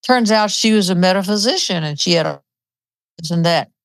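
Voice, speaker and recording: A woman's voice: lowish voice, brisk, no room sound. Chatty woman in her seventies. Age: 70s. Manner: chatty storyteller, acts out quotes. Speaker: host. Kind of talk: casual chat.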